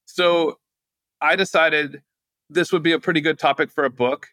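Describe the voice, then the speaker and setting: A man being interviewed as an author, telling animated anecdotes with casual fillers and acted-out quotes. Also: a little high, normal speed, dry recording. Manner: lively, acts out quotes with raised voice, casual "like" fillers. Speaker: guest author and journalist.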